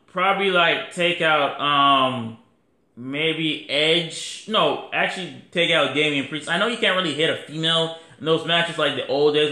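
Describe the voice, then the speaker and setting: Animated, swearing man in an echoey room. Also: fairly high pitch. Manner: animated, profane, rambling, acts out quotes. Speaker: podcast host. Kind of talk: casual wrestling review monologue.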